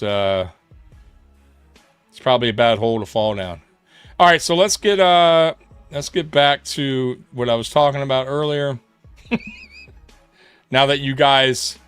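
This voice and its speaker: A man's voice: medium pitch, bright, forceful tone, smooth, dry recording. A man hosting a sports livestream in a casual chat, laughing often and swearing in slang. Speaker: livestream sports show host.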